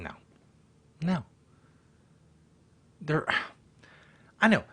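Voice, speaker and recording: A man delivers a profane, exasperated rant as host of a reaction show. His voice sits a bit high and swings widely in pitch, dropping to mutters and climbing to yells. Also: animated, slow pace, long pauses. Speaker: host reacting to a viral video. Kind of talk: ranting commentary.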